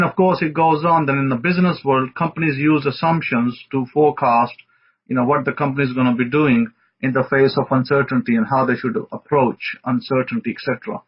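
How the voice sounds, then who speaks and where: A man's voice: medium pitch, husky. A man, a rabbi, giving an informal teaching sermon in a conversational, rambling way with fillers. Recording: dull lo-fi audio.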